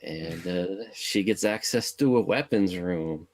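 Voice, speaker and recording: A man co-hosting a casual movie podcast, recapping the plot in a laid-back, halting way with lots of uh and restarts. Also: deep voice, darkish tone. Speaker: podcast co-host.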